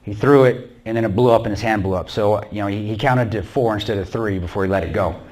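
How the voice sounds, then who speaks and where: A man's voice: lowish voice, fast talker, a little mellow. A man telling a combat story to a church audience in a blunt, plain-spoken way. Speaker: guest speaker recounting combat. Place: small church.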